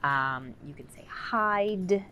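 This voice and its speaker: Woman, low voice, conversational, explaining speech therapy tips to parents. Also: animated, moderate pace, a bit bright, a little hiss or hum. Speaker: communicative disorders assistant.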